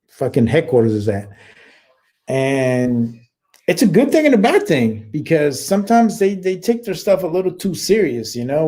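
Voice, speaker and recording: A man's voice: mid-range voice, dark tone. A middle-aged man hosting a casual chat, swearing a lot and telling rambling army stories to viewers he calls bro. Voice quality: heavy swearing, rambling with restarts. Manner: laid-back, talks to viewers as "bro". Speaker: livestream host reading viewer chat.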